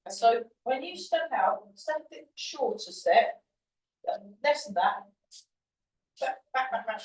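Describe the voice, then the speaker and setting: A woman teaches a tai chi class, talking through the moves in a chatty, encouraging way as she demonstrates. Her slightly high voice has lively intonation and a measured pace. A distant camera records her in a large, roomy, echoey hall.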